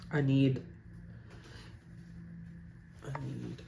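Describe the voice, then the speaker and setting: A man's voice: mid-range voice, normal speed, darkish tone, slight background noise. Playful chatty man doing drag makeup. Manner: playful, giggly and self-mocking. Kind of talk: casual chatty vlog narration. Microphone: phone camera.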